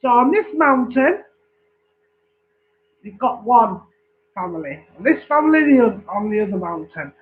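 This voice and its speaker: Slow, high-voiced man telling a joke. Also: sing-song. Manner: slow, repetitive storytelling with check-ins. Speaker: joke teller. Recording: tinny phone-like recording.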